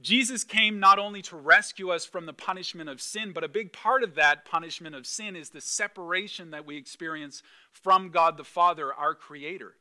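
A male pastor preaching a conversational sermon, animated and emphatic, with repeated phrases. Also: high voice, normal speed.

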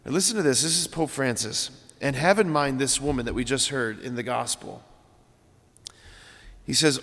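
A man's voice: medium pitch, normal speed, long pauses, fairly bright tone. A man preaching a homily as a priest, earnest and emphatic, using repeated phrases for weight. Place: large church. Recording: long church reverb.

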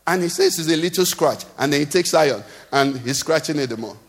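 Nigerian preacher with singsong cadence. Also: male voice, on the high side, animated, a little fast. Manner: rhetorical questions to the congregation, sing-song cadence. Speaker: pastor. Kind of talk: sermon. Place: church hall. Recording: long hall reverb.

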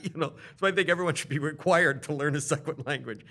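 A man chatting casually, telling animated stories and mimicking other people, laughing often as he talks. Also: a little high, fast. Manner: animated storyteller, mimics others in put-on voices; laughs often while talking. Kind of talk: casual chat.

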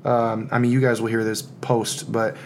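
A man's voice: medium pitch, completely flat delivery, moderate pace, a little hiss or hum. Heartfelt American man hosting his podcast. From United States. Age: 30s. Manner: heartfelt, loose and rambling, with many fillers. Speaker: podcast host. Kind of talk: casual solo podcast monologue.

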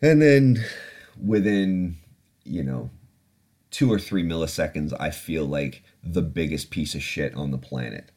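A man's voice: a bass voice, lively intonation, unhurried, darkish tone. A man hosting a podcast, telling a personal story in a candid, profane, reflective way. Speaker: podcast host. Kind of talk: casual storytelling.

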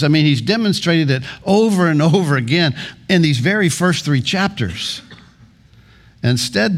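Man pastor preaching, earnest, keeps stacking lists and repeating lines, mid pitched voice. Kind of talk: sermon.

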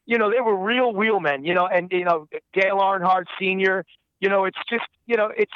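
A man's voice: high-pitched, brisk, clear, resonant tone, no room sound, lo-fi sound. A man who voices characters, talking in a casual interview and rambling with many fillers. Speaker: voice actor guest.

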